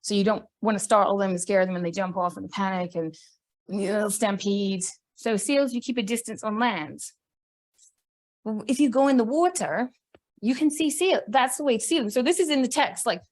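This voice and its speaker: Woman, conference presenter, chatty, lively, laughs a lot, mid pitch. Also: moderate pace. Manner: chatty, animated, laughs often. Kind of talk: conference talk.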